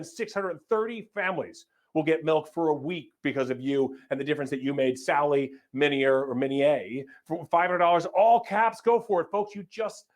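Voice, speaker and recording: A man's high-pitched voice drives a live fundraising appeal. He announces gifts in an energetic, upbeat stream and trips over the odd name as he thanks each donor. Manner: stumbles over names. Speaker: fundraiser emcee.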